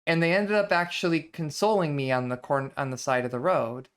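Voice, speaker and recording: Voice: medium pitch, fairly even intonation, a little fast, smooth. An adult vtuber hosting a book reading series, talking through ideas in a thoughtful, conversational way with frequent restarts. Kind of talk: casual reflective lecture stream.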